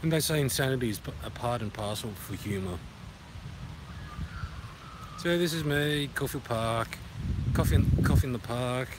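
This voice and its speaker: A man's voice: mid-range voice, moderate pace, pauses often. Australian man, outdoor phone vlog with traffic noise, loose rambling talk full of puns. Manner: rambling and punning, sings along loosely. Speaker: vlogger. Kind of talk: casual walking vlog. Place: outdoor park by a duck pond. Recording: noisy outdoor phone recording. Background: outdoor ambience with passing traffic.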